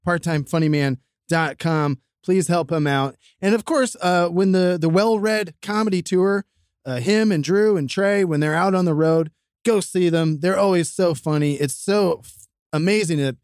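A man's voice: high voice, moderate pace, darkish tone, smooth, no echo, clean studio sound. A man hosting a podcast, loose and jokey, wrapping up a show. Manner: loose, jokey, puts on silly voices. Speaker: podcast host. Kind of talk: casual chat.

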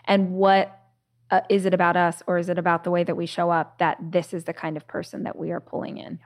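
Chatty woman podcast host, fairly low voice. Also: level tone, brisk. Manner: chatty storyteller, many "like"s and restarts. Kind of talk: casual conversation.

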